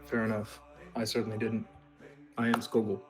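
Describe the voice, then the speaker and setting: A man's voice: on the low side, monotone, normal speed. A man playing his character in a tabletop game, speaking steadily and plainly. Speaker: player.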